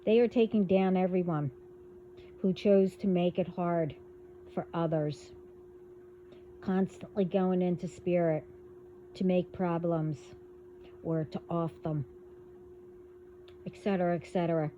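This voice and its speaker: Slow, low-voiced woman giving spiritual warnings. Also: steady tone, warm tone, muffled recording, slight background noise. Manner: rambling, halting, warning tone. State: hiccups. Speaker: spiritual video host. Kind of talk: casual spiritual monologue.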